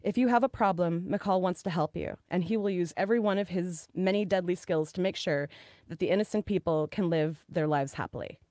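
A woman making her case in a casual podcast debate, measured and deliberate. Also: on the low side, mellow, no room sound, studio quality.

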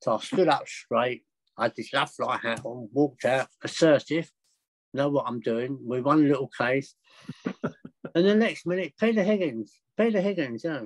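An older man telling travel stories as a podcast guest, chatty and excitable, with frequent laughs. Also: mid-range voice, unhurried, no room sound, rough recording. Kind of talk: anecdotal storytelling.

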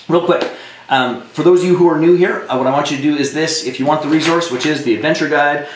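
A man's voice: a little high, quick pace, a little hiss or hum. A man from Saskatchewan, a business coach giving a blunt, emphatic live-streamed coaching talk, swearing when worked up. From Saskatchewan, Canada. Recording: roomy echo with faint ambience.

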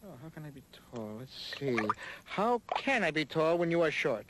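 A man's voice: fairly high pitch, animated, moderate pace, background noise, natural voice. A man doing a dopey sing-song puppet.

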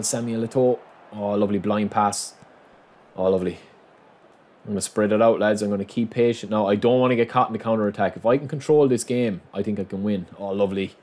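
A man giving live gameplay commentary, swinging between hyped shouting and low muttering as he plays. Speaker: gaming commentator.

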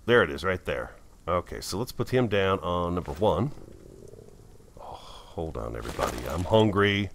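Low-voiced man chatting through gameplay. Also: expressive, moderate pace, a little hiss or hum. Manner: chatty, easily startled, talks to himself. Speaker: gameplay video host. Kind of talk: casual gameplay commentary.

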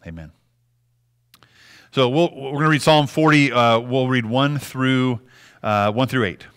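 A man's voice: mid-range voice, fairly even intonation, normal speed, a bit bright, clean tone. A man in his thirties, a pastor, preaching a sermon in a church in a conversational way, often restarting phrases and checking in with the listeners. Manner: conversational, with frequent restarts and "right?" asides. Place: church sanctuary.

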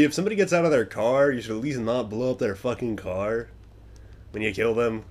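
A young man giving casual gameplay commentary, swearing often and muttering to himself, then yelling at other players. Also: mid-range voice, fairly quick.

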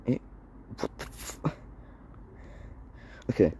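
A man's voice: takes it slowly, warm tone, slight background noise. A young man vlogging from an electric bike outdoors. He rants and swears at his sat-nav in casual running commentary, picked up by a bike-mounted camera. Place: outdoors on an electric bike along paths and roads.

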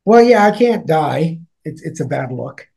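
Gravelly, husky man in casual talk. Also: a little high, very animated, measured pace, warm tone. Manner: rambling, many fillers and restarts. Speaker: newsletter editor, interview guest.

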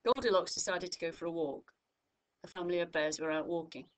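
Patient woman teaching grammar, lowish voice. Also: fairly quick. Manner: clear, patient, stresses example phrases. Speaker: English tutor. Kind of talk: recorded grammar lesson.

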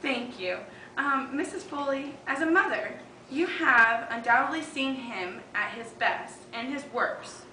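A woman's voice: high-pitched, animated, unhurried, hardly any pauses, pushed and bright, slight background noise, full character voice. A woman playing an earnest, mock-serious talk-show host, recorded at a distance in an echoey room. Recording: roomy, distant student video.

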